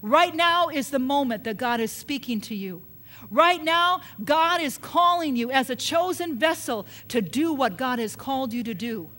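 A woman's voice: sits high, expressive, moderate pace, few pauses, fairly bright tone. A woman preaching a sermon, emphatic and repetitive, often putting questions to her listeners.

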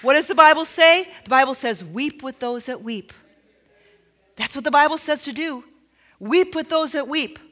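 A woman pastor preaching a sermon, emphatic, with frequent restarts and "you know"s. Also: high voice. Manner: drops to a hushed near-whisper when retelling a tender story.

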